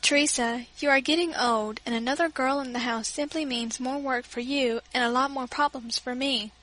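Lady doing a tired sad dad, slow and solemn, storybook voice. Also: high voice, steady tone, fairly bright tone, low-quality recording. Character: grave widowed father, gentle but weary.

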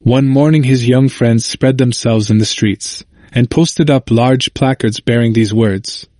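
A man reading a church history aloud in a measured audiobook narration, lifting his voice for quoted shouts. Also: no echo. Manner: measured, raising pitch for quoted cries.

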